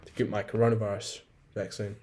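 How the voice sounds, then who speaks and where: A man's voice: fairly low pitch, little pitch movement, a little fast, a little mellow. A young man, rambling and swearing freely in a casual solo podcast monologue. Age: 20s. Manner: profane, rambling, venting. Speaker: podcast host.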